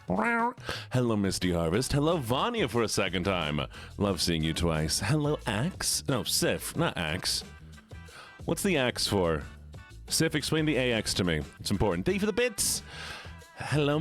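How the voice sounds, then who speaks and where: A male streamer with a lively, bouncing voice that swoops up and down as he greets his viewers one at a time. His manner is playful and teasing, with drawn-out hellos in a relaxed chat. Soft music plays faintly underneath. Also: medium pitch. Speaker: livestreamer.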